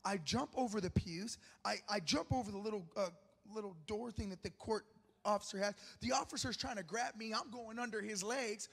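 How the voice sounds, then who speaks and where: A man's voice: high-pitched, fairly quick, creaky. A man preaching a sermon as pastor, telling personal stories with humor and joking with the congregation. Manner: lively, humorous storyteller who jokes with the congregation. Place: large church auditorium. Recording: long reverb of a large church hall.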